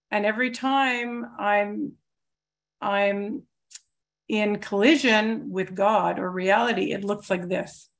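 A woman in her forties, a twelve-step program member, gives a personal recovery testimony in a reflective, searching way, often pausing with soft fillers. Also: medium pitch, gravelly.

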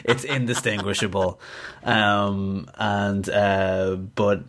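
Low-voiced chatty male interviewer. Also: flat delivery, takes it slowly, fairly bright tone. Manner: chatty, laughs easily, many fillers. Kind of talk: casual interview chat.

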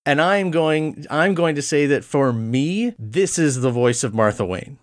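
A man's voice: a little high, animated, measured pace. A man co-hosting a podcast, analyzing a film in long, enthusiastic, detailed points. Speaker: podcast co-host.

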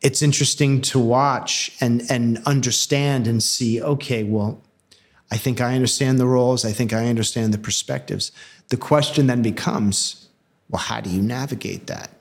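A man's voice: medium pitch, steady tone, normal speed, creaky. A man co-hosting a casual discussion, often acting out quoted dialogue and restarting his sentences.

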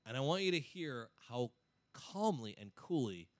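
A man hosting a comedy podcast, telling a story in a casual, animated way. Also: mid-range voice, normal speed, dry recording, studio quality. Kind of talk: casual chat.

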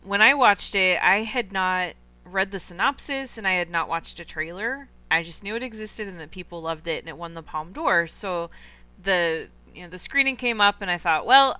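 A young woman hosts a film podcast in a relaxed, chatty way. She is eager and opinionated, with plenty of fillers. Her voice is bright and sits a little low. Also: clear, resonant tone. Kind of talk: casual film review chat.

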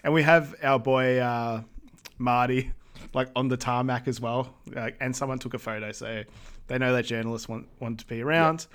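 A laid-back man co-hosting a podcast, walking through a film scene by scene in a relaxed, casual chat. He chuckles often as he talks, at an ordinary middle pitch. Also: moderate pace, clear, resonant tone. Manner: laid-back, chuckling, acts out quoted lines. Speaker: podcast co-host.

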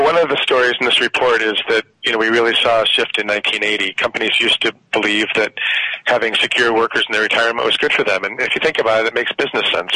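A man's voice: on the low side, bright, forceful tone, dry recording, low-quality recording. A man being interviewed on radio about a report, explaining earnestly with many fillers. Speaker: policy researcher guest.

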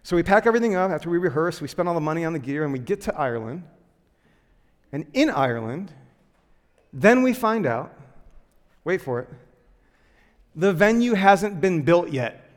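A man giving a sermon, telling a self-deprecating personal story in a lively way with lots of filler words before turning to teaching. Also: fairly high pitch, moderate pace, pauses often, big-room sound. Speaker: pastor.

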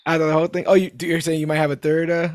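A man with a somewhat high voice hosts a casual chat, rambling and animated as he goes. He swears freely. The recording is dry and close. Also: a little fast, dry recording.

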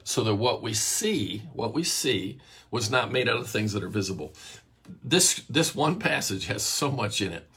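A man teaching from the Bible in an earnest sermon style, his voice deeply husky and rough. He sounds like he has his morning voice and stops to cough now and then, circling back to repeat and restart his phrases. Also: fairly bright tone.

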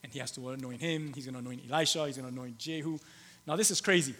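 Preaching a sermon, a male pastor alternates loud, emphatic declarations with quiet, low storytelling, often restarting haltingly and repeating himself. The recording carries a long hall reverb.

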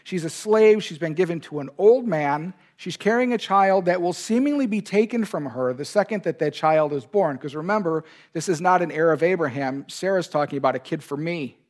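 A male pastor preaches an earnest sermon in a high, animated voice at normal speed with few pauses. He stresses key words and speaks God's lines with feeling and emphasis.

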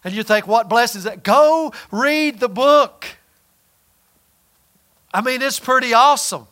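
Male preacher, sermon, high pitch, conversational, emphatic. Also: unhurried, pushed and bright. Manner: conversational, emphatic, acts out quoted voices.

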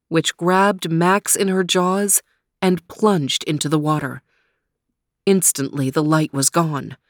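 A woman narrating a children's adventure story in a measured, expressive way. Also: medium pitch, no echo, studio quality.

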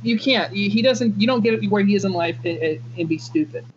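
Insistent high-voiced man on a podcast. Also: a little fast, soft background music. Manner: insistent, argumentative. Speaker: podcast co-host. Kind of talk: casual debate chat. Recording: dull lo-fi podcast audio.

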